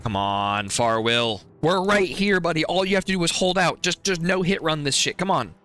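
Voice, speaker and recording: A man's voice: on the high side, expressive, normal speed, bright, forceful tone, slight background noise. A man streaming a video game, commenting live and pleading and swearing at the characters on screen.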